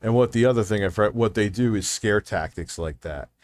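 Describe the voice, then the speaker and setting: A man's voice: on the low side, a little fast. A man streaming from home, telling a heated, profane story and acting out the phone calls. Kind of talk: casual stream chat, ranting story.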